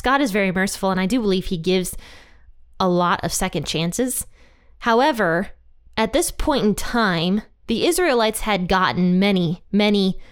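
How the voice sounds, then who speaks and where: A woman leads a casual Bible study in a relaxed, chatty way, often laughing and giving the quoted lines a playful voice. Her voice is smooth and clean, at an ordinary middle pitch for a woman. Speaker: Bible teacher.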